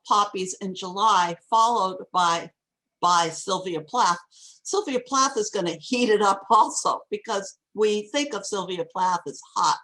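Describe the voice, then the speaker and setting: A woman giving a craft talk on poetry over a video call, reading lines aloud slowly and deliberately. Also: medium pitch, fairly bright tone. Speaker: poetry workshop teacher. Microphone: video call microphone.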